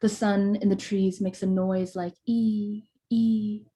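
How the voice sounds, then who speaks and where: Woman poet reading her own verse over a video call, warm and mellow, steady rhythmic delivery. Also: mid-range voice. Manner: measured, rhythmic recitation with soft hesitant asides.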